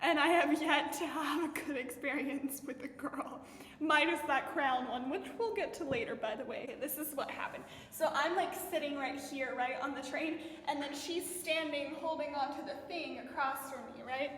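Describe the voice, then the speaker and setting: High-voiced chatty young woman, echoey room. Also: normal speed, a bit bright. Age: young adult. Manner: bubbly storytelling, heavy use of "like". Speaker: college student vlogger. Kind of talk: casual chat. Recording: roomy echo with long reverb.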